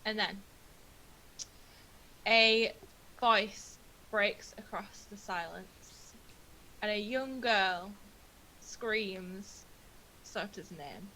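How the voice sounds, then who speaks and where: A woman guides her players through a tabletop adventure as dungeon master, her voice bright and clear. She narrates softly, pausing with little fillers as she paints the scene. A faint hiss sits under the recording. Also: medium pitch, low-quality recording.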